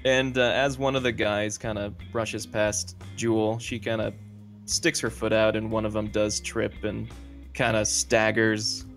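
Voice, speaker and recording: A man's voice: on the low side, flat delivery, a little slow, fairly bright tone, faint music behind. A man narrating as game master of a tabletop role-playing game, loose and full of fillers.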